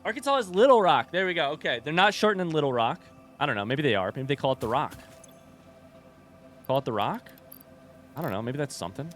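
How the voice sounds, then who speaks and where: A man's voice: mid-range voice, lively intonation, fairly quick, pauses often, a bit bright, faint music behind. A young man streaming a game, chatting casually with his viewers in a rambling, joking way and often breaking off mid-sentence. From United States. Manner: rambling, self-interrupting, joking asides. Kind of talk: casual livestream chat with viewers.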